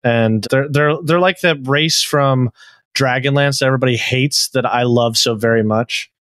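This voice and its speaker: Excitable joking man, dry close mic. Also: medium pitch, no room sound. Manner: joking, enthusiastic, quick to laugh. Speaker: podcast co-host. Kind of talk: casual chat.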